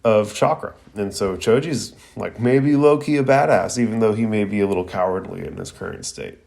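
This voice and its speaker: A young man hosts an anime review show, talking through the episode in loose, slangy chat. His voice sits a little low. He laughs easily, swears now and then and restarts his sentences. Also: moderate pace, gravelly, a little mellow. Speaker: podcast host reviewing anime. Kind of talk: casual episode recap.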